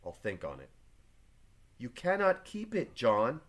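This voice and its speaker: A man's voice: mid-range voice, huge pitch swings, measured pace, a bit bright, full character voice. A man voicing John Proctor, a stubborn farmer husband, read aloud from a play with old-fashioned phrasing. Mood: earnest. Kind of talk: reading play aloud to a class.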